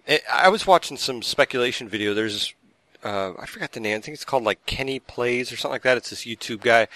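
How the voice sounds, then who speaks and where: A man in casual gaming chat, relaxed and hesitant, thinking aloud with fillers. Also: medium pitch, dry recording.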